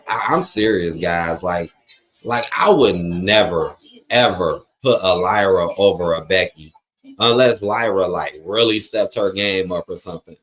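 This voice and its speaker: Man, fairly low voice, blunt and profane, rambling live commentary, reads chat aloud. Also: a bit bright. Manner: blunt, profane, opinionated rants; loose, rambling with frequent fillers. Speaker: live stream watch-along host.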